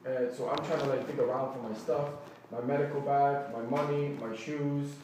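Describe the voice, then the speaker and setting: A man's voice: mid-range voice, steady tone, normal speed, far from the mic, noisy background. A man rambles through an upset account of what happened to him, restarting sentences and acting out what others said. He sits well back from the microphone in a strongly echoing room, with faint room ambience behind him. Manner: rambling, quotes people in his retelling, restarts often. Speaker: man recounting a complaint. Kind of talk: agitated first-person account. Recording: echoey room, voice from off-mic.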